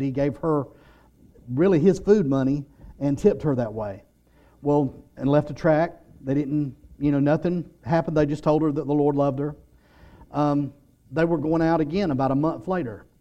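A man's voice: fairly high pitch, dark tone. A man preaching a sermon, telling stories and acting out the lines of the people in them. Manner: storytelling, acts out quotes, imitates muffled "wah wah" voice.

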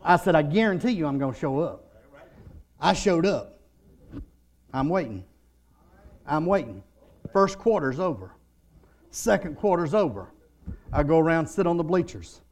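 A middle-aged male pastor preaching a sermon, telling stories and building to loud, shouted declarations. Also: on the high side, expressive, normal speed, long pauses.

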